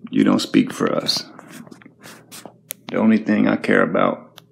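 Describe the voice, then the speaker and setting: A man's voice: sits low, big pitch swings, measured pace, creaky, slight background noise. A man vlogging an angry, profane monologue, confrontational and repetitive as he rants at the viewers. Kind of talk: angry ranting monologue to camera.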